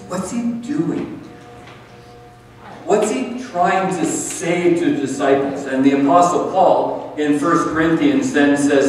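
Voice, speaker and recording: A man's voice: fairly high pitch, background noise. A man preaching a communion sermon as pastor, earnest and conversational, with emphatic repetition. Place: church sanctuary. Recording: echoey hall, far from the mic.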